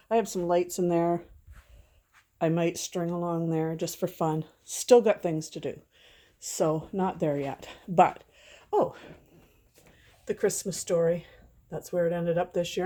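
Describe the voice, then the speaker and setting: Chatty low-voiced middle-aged woman. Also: mellow. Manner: chatty, rambling and sentimental. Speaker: vlogger. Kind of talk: casual chat. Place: home.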